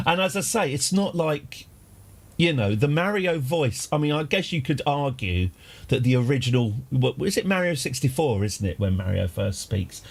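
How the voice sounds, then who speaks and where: Expressive and husky with some vocal fry, his medium-pitched voice keeps a normal pace. He's a livestream gamer host who talks casually, rambles through tangents, and jokes in a dry way.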